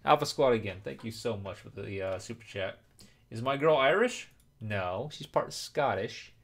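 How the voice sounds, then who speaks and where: A man's voice: mid-range voice, lively intonation, moderate pace. A young man streaming casually while drinking, rowdy and profane, explaining things at length. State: drinking alcohol. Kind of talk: casual live-stream chat.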